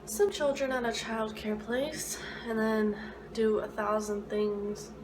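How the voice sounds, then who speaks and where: A woman's voice: fairly high pitch, fairly even intonation, slow pace, noisy background. A young woman talking casually to her camera in a daily vlog, chatty and storytelling. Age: young adult. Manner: chatty, storytelling, laughs easily. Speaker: vlogger.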